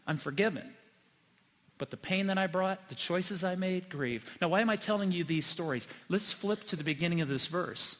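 Bright-voiced pastor in an echoing sanctuary. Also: male voice, high voice, fairly quick. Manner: earnest storytelling, swings from loud to hushed. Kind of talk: sermon. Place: church sanctuary. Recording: long hall reverb.

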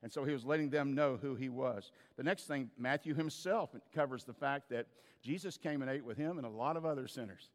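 A man's voice: medium pitch, a little fast, long reverb tail. A man preaching a sermon as a pastor, telling stories in a conversational way with frequent restarts.

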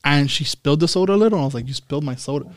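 A man's voice: a little high, rapid-fire, heavy background noise. A young man co-hosting a podcast, telling rambling, profane stories with lots of restarts. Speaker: podcast co-host. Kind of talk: casual chat, storytelling.

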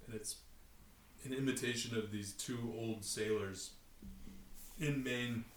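A man chatting casually, enthusiastic and quick to laugh, talking in bursts. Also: mid-range voice, fairly even intonation, reverberant, a little hiss or hum. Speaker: conversation partner. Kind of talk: casual chat.

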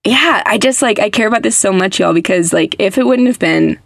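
A woman's voice: medium pitch, animated, fairly quick, creaky, no room sound. A young adult woman hosting a podcast, chatting casually and emphatically with lots of "like" fillers. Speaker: podcast host. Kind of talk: casual faith podcast chat.

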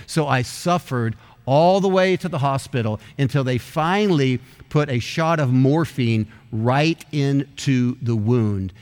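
A middle-aged man preaching a sermon as pastor, telling a story with quick asides and slowing down for emphatic phrases. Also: mid-range voice, big-room sound.

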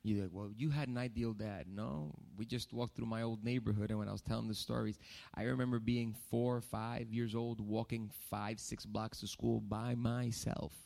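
A man's voice: fairly low pitch, moderate pace, vocal fry. Man preaching a sermon with a story. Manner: animated, repeats phrases for emphasis. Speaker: pastor.

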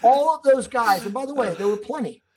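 A man's voice: very high voice, animated, a little fast, a little mellow, slightly rough, poor audio. A man talking as a podcast guest, emphatic and preachy, swearing freely and calling the host bro and dude. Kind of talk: casual podcast conversation.

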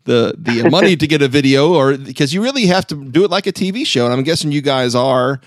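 A man hosting a podcast, asking questions in casual chat, often halting and repeating words. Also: medium pitch, lively intonation, no echo, studio quality. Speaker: podcast host.

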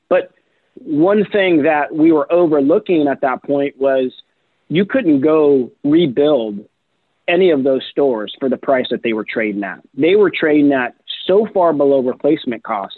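A man telling career stories in a loose interview, chatty and animated, with lots of "you know" and "right". His voice sits a little high for a man. It comes through a thin, phone-like line with a dry sound. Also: normal speed, breathy edge, dry recording. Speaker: guest, real estate investor. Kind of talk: casual interview storytelling.

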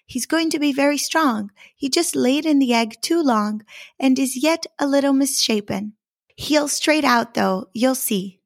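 A fretful mother duck from a storybook, anxious and protective of her young, as a woman reads her part. The voice sits a little high with a gravelly edge, close and dry. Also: measured pace, no echo.

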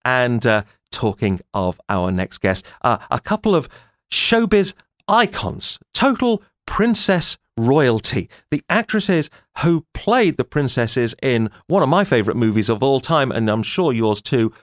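A man's voice: medium pitch, sing-song, a little slow, no room sound, studio quality. A man hosting a talk show in a jokey, theatrical manner, drawing out words for emphasis.

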